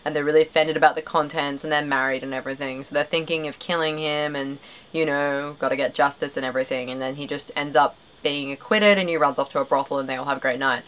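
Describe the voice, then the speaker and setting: A woman's voice: sits low, steady tone, quick pace, a bit bright, rough recording. A young Australian woman vlogging to camera in a rambling, self-deprecating way, full of fillers. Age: young adult. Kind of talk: casual chat to camera.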